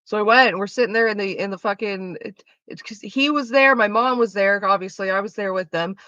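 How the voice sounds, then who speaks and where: A woman with a mid-range voice hosts a casual livestream chat, speaking briskly in a bright, forceful tone. She's blunt, rambles, and swears heavily. The audio is slightly muffled and lo-fi, with no room sound.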